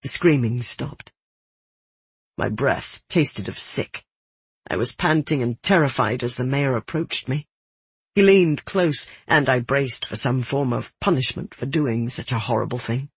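A man reading a dark first-person novel aloud in a measured, grim storytelling manner. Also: medium pitch, expressive, slightly rough, dry recording. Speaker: audiobook narrator. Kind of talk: scripted first-person fiction narration.

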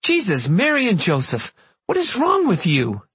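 A man voicing an anxious middle-aged mother in an audiobook, calm at times, frantic at others. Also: sits high, husky, no echo, pitched above the performer's own voice, heavily acted. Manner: calm, then frantic and rapid. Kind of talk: audiobook character voice.

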